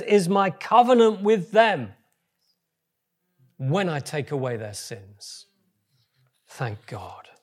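Husky-voiced man preaching with big swings. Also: fairly high pitch. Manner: lively preaching, swings from soft to loud. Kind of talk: sermon.

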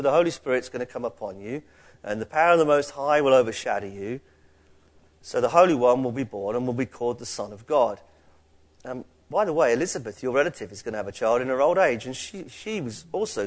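A man, a pastor preaching a conversational sermon that rises in emphasis on key points. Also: medium pitch.

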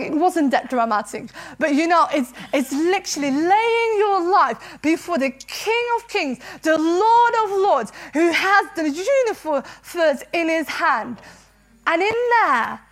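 Very high-voiced woman preaching earnestly. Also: a bit bright. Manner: earnest and emotional, laughing between phrases. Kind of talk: sermon.

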